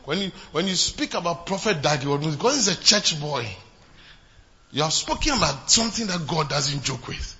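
A high, very bright male voice, preaching as a pastor. He swings from loud exclamations down to quiet, low asides. The sound is dull and lo-fi. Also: expressive, normal speed. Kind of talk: sermon.

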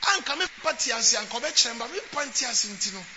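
High-voiced preacher man, lo-fi. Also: fast. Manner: emphatic preaching, rising to shouts and acting out quotes. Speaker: bishop and preacher. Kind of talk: sermon. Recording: lo-fi with steady background noise.

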